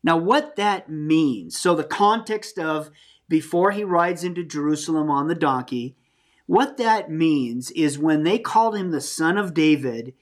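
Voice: mid-range voice, expressive, unhurried. A Bible teacher giving a conversational sermon, earnest and plain-spoken, often restarting and adding asides.

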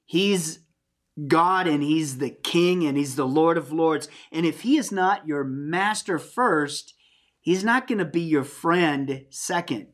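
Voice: medium pitch, slow pace, fairly bright tone. A Bible teacher giving a conversational sermon, earnest and plain-spoken, often restarting and adding asides.

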